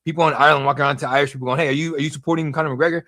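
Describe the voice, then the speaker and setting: Bright-voiced, excitable fight stream host. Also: male voice, on the high side, rapid-fire. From United States. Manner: excitable, profane, rambling. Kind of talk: casual live fight commentary.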